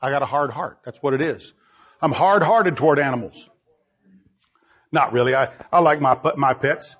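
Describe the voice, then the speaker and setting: A male preacher giving an emphatic sermon full of rhetorical questions, swinging between loud and hushed delivery, on a dull lo-fi recording. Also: mid-range voice, normal speed, breathy edge.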